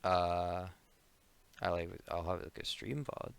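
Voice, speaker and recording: A man's voice: low voice, slow pace, vocal fry, clear, resonant tone. A man streaming a video game, chatting casually and joking with a friend as he plays. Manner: relaxed, joking, reads game text aloud. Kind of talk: casual let's-play chat. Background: game music.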